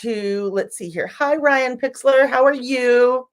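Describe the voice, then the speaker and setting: A bubbly woman hosts a casual live-stream chat, her voice sitting a little high. She gushes and talks animatedly, turning teary and emotional as viewers chime in. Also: slow.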